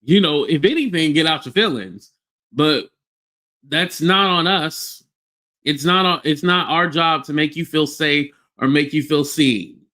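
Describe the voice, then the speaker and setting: A young man hosts a live-streamed podcast and rants bluntly, swearing freely and stopping to greet viewers by name. His voice sits a little high for a man. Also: unhurried, pushed and bright. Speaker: podcast host.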